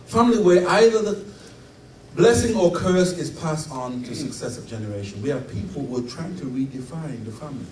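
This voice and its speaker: A man's voice: on the high side, expressive, a little fast. Middle-aged man preaching in a roomy hall. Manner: emphatic preaching, swelling to loud peaks. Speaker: conference speaker. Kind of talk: sermon. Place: conference hall. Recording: roomy hall, distant mic, faint noise.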